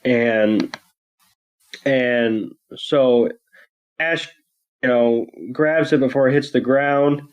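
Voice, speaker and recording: A man's voice: medium pitch, drawn-out words, pauses often, clear, resonant tone, dull audio. A man co-hosting a podcast, recapping a cartoon in a loose, rambling way full of ums and crude jokes. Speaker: podcast co-host. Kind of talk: casual episode recap.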